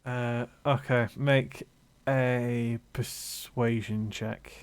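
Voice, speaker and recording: A man's voice: mid-range voice, flat delivery, drawn-out words, clean tone. Man narrating a tabletop game. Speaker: game master. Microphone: headset or desk mic on a voice call.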